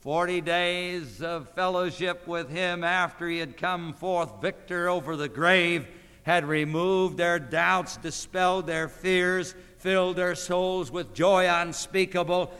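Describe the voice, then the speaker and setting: A man's voice: sits high, fairly even intonation, takes it slowly, bright, forceful tone, clear, resonant tone, long reverb tail. A man preaching a sermon, emphatic, with rhetorical questions to his listeners.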